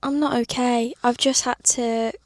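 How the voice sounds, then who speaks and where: A woman talks straight to camera about the book she is reading, chatty and quick to exclaim. Her voice sits a little high. The sound is dry and close. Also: fairly even intonation, no echo. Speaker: book vlogger. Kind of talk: casual reading-reaction vlog. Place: at work on a lunch break.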